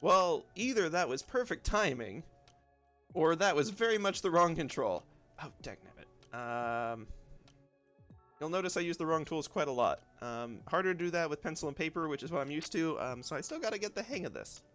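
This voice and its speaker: A man's voice: a little high, a little fast. Easygoing Southern-accented man streaming. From southern United States. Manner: relaxed, rambling, self-talk with many ums and y'alls. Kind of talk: casual live-stream chat while drawing. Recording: faint lo-fi music behind. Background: lo-fi music.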